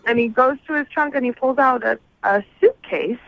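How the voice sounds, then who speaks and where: A woman calling in to a radio show, hesitant at first and sharp when pushed. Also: high voice, moderate pace, vocal fry. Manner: hesitant, then sharp and indignant. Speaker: caller. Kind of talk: phone call on a radio show. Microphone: telephone. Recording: muffled phone line.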